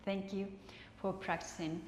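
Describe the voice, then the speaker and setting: A woman instructor calmly cueing a guided movement and breathing practice, counting reps and offering soft encouragement. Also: medium pitch, measured pace, slight background noise. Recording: echoey room with long reverb.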